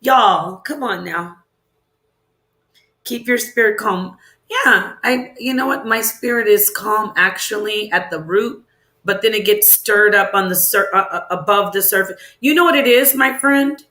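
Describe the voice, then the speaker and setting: A woman rambles through a casual livestream, answering viewers and tossing questions back at them. Her voice is bright and forward, and the room lends it a noticeable echo. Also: medium pitch, unhurried. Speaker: livestream host. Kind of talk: casual livestream chat, reading viewer comments. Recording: roomy echo.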